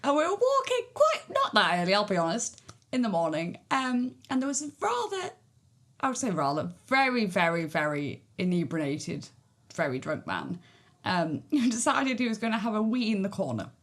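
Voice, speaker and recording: A woman's voice: mid-range voice, wildly swooping pitch, normal speed, a bit bright. A woman hosting a parenting podcast, rambling and giggling through a story. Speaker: podcast host. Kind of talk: casual podcast chat.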